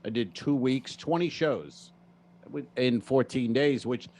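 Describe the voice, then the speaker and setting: A man with a Rhode Island accent, a comedian co-hosting a podcast, telling a rambling story in deadpan complaints with lots of fillers. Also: mid-range voice, measured pace, a little hiss or hum. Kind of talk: casual comedy podcast chat.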